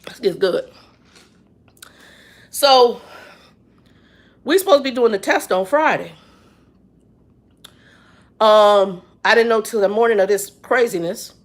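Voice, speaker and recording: A woman's voice: fairly high pitch, slow, pauses often. A woman, telling a story in a casual, chatty vlog. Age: 50s. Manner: animated, chatty storytelling with lots of reported speech. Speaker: vlogger.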